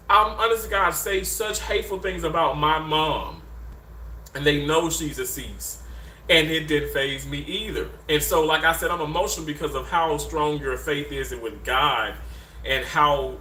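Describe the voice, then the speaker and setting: A man in his thirties hosts a casual livestream from a room at home with a bed in it, reading out viewer comments. He is animated and emotional, sinking low and earnest before leaping high and excited. Handheld mics capture him in an echoey room with faint background noise.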